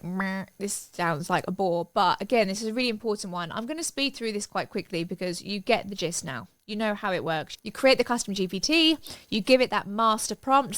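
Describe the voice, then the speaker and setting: A woman teaching a step-by-step software tutorial in an upbeat, chatty, enthusiastic way. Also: mid-range voice, smooth, no room sound. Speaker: online business tutor.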